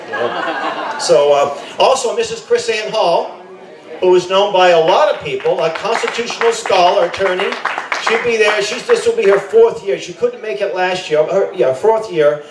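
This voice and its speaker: A middle-aged man with a fairly high voice gives a loose, rambling rally speech. He keeps correcting himself mid-sentence and drops in joking asides. The recording is echoey, and he sounds a little far from the mic. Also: normal speed, noisy background. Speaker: camp director speaking at a rally. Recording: echoey, voice from a distance.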